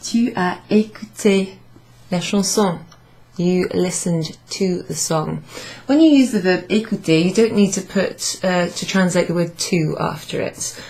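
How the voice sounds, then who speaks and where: Slow, low-voiced woman teaching French. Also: a little mellow. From Wales. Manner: patient, repeats and models French phrases slowly. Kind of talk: classroom grammar lesson. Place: pub function room, indoors.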